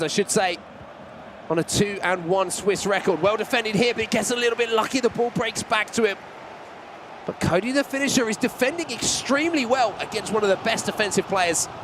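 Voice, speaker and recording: A man with a high voice calls an esports football match play by play. He climbs in excitement whenever a chance comes. Faint noise sits under the recording. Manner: excitable, rising on big chances. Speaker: esports commentator. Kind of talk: play-by-play commentary.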